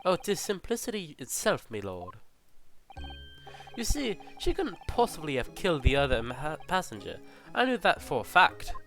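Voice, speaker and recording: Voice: mid-range voice, very animated, normal speed, fairly bright tone, soft background music, voice pushed up. A streamer voicing an older Irishman in a game, with a put-on Irish accent and a chatty, folksy way of explaining. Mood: genial. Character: elderly Irish man, genial, folksy passenger. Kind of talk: game dialogue read aloud by a streamer.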